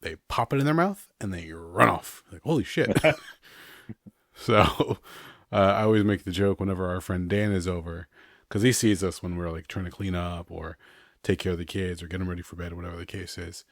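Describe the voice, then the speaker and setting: A man in his thirties with a fairly low voice, talking loosely as a podcast host. He rambles along in easygoing chat and chuckles often between his remarks. The sound is close and dry, with little room around it. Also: fairly quick, no room sound. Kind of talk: casual chat.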